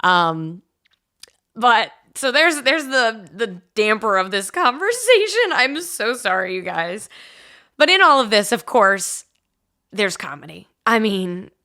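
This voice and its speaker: A woman's voice: on the high side, big pitch swings, slow, sharp tone. A young woman host, telling personal stories on a solo podcast in a chatty, confessional way full of "like" and laughing asides. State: congested. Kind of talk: casual solo podcast storytelling.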